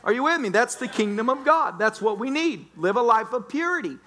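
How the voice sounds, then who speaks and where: A man's voice: very high-pitched, very animated, a little fast, pushed and bright. A man preaching a sermon as a pastor, joking and playfully telling stories to the congregation. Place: church sanctuary.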